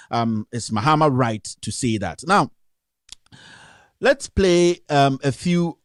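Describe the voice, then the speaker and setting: A man's voice: medium pitch, lively intonation, slow pace, long pauses, no echo, clean studio sound. A man hosting a radio editorial, talking emphatically and repeating rhetorical questions. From Ghana. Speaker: radio host.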